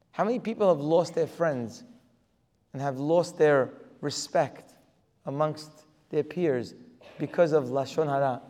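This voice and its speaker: A man's voice: on the high side, measured pace, warm tone. A man giving a religious lecture as a Torah teacher, emphatic and full of rhetorical questions. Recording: long reverb of a hall.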